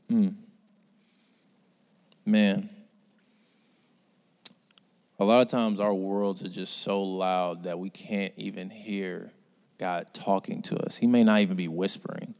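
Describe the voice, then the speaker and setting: Low-voiced preacher in a reverberant hall. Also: male voice, steady tone, unhurried, smooth. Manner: conversational, swings from quiet asides to loud urgent preaching. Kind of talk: sermon.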